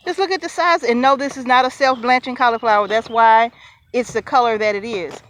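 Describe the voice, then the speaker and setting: Homesteader, higher-pitched woman, talks to viewers while walking an outdoor garden. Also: fairly quick. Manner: chatty, excitable, addresses viewers often, laughs easily. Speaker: homesteader showing her garden. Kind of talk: casual garden tour vlog.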